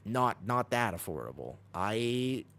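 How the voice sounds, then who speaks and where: A man commentating his own game from a home streaming room, his voice rising and falling a lot as he reacts to the action. His voice sits on the low side, and he switches between coaching teammates and chatting with viewers. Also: sing-song, a bit bright. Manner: talks fast over gameplay, jumps between coaching and chatting. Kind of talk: live gameplay commentary and chat.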